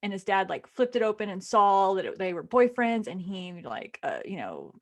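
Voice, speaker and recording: A woman co-hosting a podcast, casually and excitedly retelling a book she loved, with lots of fillers. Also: mid-range voice, moderate pace. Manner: animated and gushing, lots of fillers. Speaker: podcast co-host.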